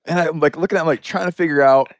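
A man hosting a podcast, telling an anecdote in a chatty, animated way full of "like" fillers. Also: a little high, very fast, no echo, studio quality. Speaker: podcast host. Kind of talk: casual storytelling conversation.

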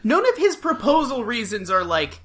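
A woman co-hosts a casual recap show, mocking the story and throwing herself into silly quoted voices. Her voice is bright and very lively in pitch. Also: normal speed. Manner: sarcastic, acts out quotes in exaggerated voices. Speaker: podcast co-host.

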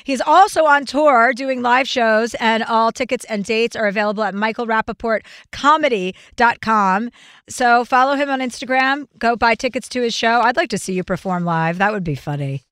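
Blunt bright-voiced woman podcast host. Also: on the high side, clean tone, no echo, studio quality. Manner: blunt, profane, fast-talking. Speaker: podcast host and stand-up comic. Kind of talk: casual podcast chat.

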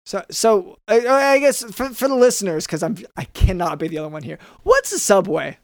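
A man's voice: high voice, sing-song, moderate pace, no room sound. A man improvising a bumbling rural doctor who hesitates, stammers and gets confused in a comedy sketch. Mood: flustered. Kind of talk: improvised comedy role-play.

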